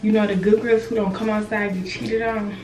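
A woman's voice: mid-range voice, little pitch movement, brisk, darkish tone, distant mic, a little hiss or hum. Young woman vlogging in an echoey room. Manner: candid, swearing, laughing at herself. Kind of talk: casual vlog talk to camera.

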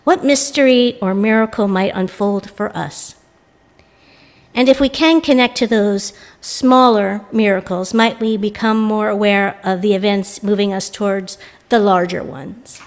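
An American woman intern minister giving a reflective sermon, telling a personal story and voicing the people in it with lively quoted lines. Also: medium pitch, unhurried. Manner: reflective, animated when quoting others. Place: church sanctuary.

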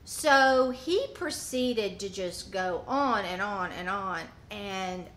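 A woman's voice: mid-range voice, takes it slowly, few pauses, a bit bright. A woman vlogger telling an indignant story, acting out both sides of a phone call. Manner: indignant, re-enacts phone conversations. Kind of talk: animated storytelling.

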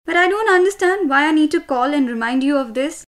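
A woman's voice: sits high, expressive, brisk. A woman with an Indian English accent playing an annoyed customer complaining about a missed free service. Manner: complaining, indignant.

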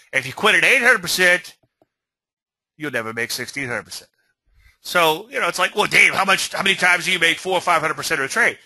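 A man hosting a weekly market commentary, talking straight to his viewers in an animated, conversational way and checking in with a frequent "okay?". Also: a little high, dry recording, low-quality recording. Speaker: host of a weekly market chart show. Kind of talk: webinar-style trading commentary.

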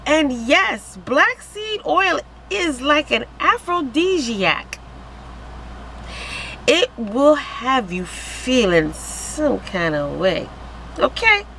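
A woman's voice: sits high, big pitch swings, extremely slow, a bit bright, slight background noise, poor audio. Hyped, giddy woman vlogger. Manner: hyped, giddy, laughing, exclaiming. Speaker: vlogger selling wellness products. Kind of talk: excited casual vlog to camera.

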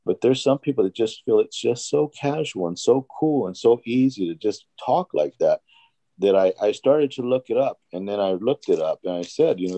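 A man with a low, mellow voice shares stories in an earnest, easygoing way during a church discussion. The sound is dry and close, with no room around it, and he often acts out the conversations he recounts. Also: animated, moderate pace, dry recording. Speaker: Bible study participant.

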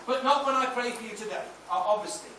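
A man in his sixties, a pastor preaching a sermon in a large church, mixing personal stories with emphatic, shouted praise. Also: extremely high pitch, fast, background noise. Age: 60s. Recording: echoey hall, mic off at a distance.

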